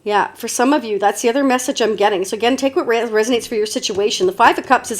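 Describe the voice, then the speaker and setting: A woman's voice: on the high side, fast, hardly any pauses. A woman giving a casual, chatty tarot reading to viewers, meandering with many fillers and restarts. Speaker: tarot reader.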